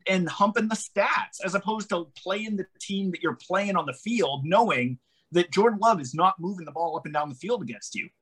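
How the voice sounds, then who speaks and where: Husky higher-voiced man arguing football. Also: a bit bright. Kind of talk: casual sports podcast chat.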